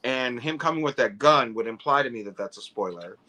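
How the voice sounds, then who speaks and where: A man with a bright, forceful voice, co-hosting a casual toy talk livestream. He lays out his opinions on figure sculpts in detail, thinking out loud as he goes. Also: medium pitch, lively intonation, a little fast. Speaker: toy collecting livestream co-host. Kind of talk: casual chat.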